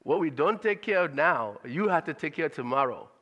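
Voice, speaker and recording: A man putting on his father's voice, an earnest older immigrant, speaking slowly and patiently. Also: on the high side, lively intonation, fairly bright tone, lo-fi sound, voice pushed up. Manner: slow, patient, repeating his saying.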